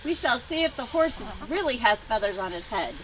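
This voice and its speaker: Lady doing a screechy bossy rooster, loud and high, outdoors with animals around. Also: sing-song, normal speed, a little hiss or hum, low-quality recording. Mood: demanding. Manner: screechy and indignant. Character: bossy vain rooster, squawking and proud.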